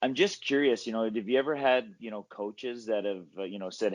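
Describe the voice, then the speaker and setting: Brief: male podcast host, lower voice, meandering questions, muffled dry recording. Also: fairly even intonation, brisk, few pauses, no room sound. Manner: rambling, leans on many filler phrases. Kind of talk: casual interview questions. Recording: dull, dry lo-fi sound.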